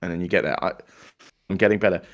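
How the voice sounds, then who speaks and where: A man from Cork with an Irish accent, chatting and joking loosely with friends as a podcast co-host, with halting restarts. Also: low-pitched, fairly even intonation. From Cork, Ireland. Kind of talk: casual chat among friends.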